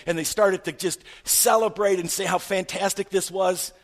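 A man preaching a sermon, retelling a story with stammered repeats and rhetorical questions, swinging from loud to hushed. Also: high voice, a little fast, few pauses. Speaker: pastor.

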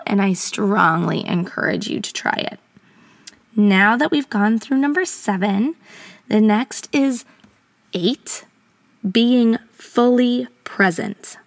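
A woman's voice: medium pitch, gravelly, no room sound. A woman educator hosting a casual advice podcast, talking in an earnest, encouraging way from a small closet at home.

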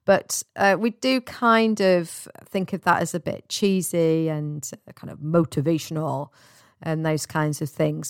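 A woman hosting a self-help podcast, talking gently and casually and laughing at herself now and then. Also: low voice, no echo, clean studio sound. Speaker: podcast host.

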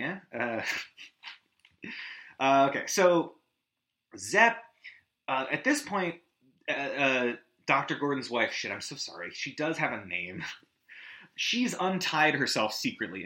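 A man hosting a podcast, retelling a movie in a casual, animated way, swearing and acting out the scenes. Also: mid-range voice, echoey room, poor audio. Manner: animated, swearing, acts out scenes with yelps and hummed music. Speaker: podcast host.

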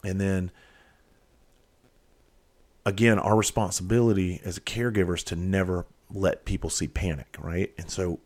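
A father telling an emotional personal story in a candid, profane way, often halting and restarting his sentences. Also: low voice, fairly even intonation, darkish tone.

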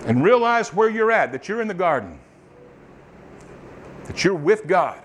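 A man preaching a sermon, swinging from loud fervent bursts to soft, murmured testimony. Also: high-pitched, very animated, measured pace, slight background noise.

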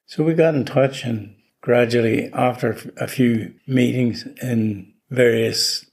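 A man's voice: medium pitch, steady tone, measured pace, gravelly, darkish tone, husky. An older man, a flute player interviewed as a guest, telling stories in an easygoing way with chuckles. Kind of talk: relaxed anecdotal chat.

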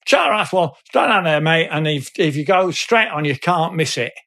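A man putting on the voice of a friendly workman digging in the road, giving brisk directions in a rough street accent. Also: a little high, animated, pushed and bright, voice pushed up. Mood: helpful.

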